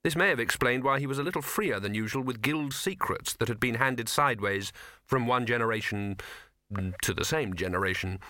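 A man reading a novel aloud in a measured, wry storytelling manner, close to a studio mic. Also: mid-range voice, bright, forceful tone, no room sound. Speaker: audiobook narrator. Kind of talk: scripted narration.

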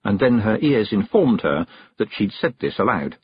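A man narrating a fantasy novel aloud in a lively, expressive storytelling manner. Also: fairly low pitch, normal speed, breathy edge. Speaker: audiobook narrator. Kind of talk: scripted narration. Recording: dull, dry close recording.

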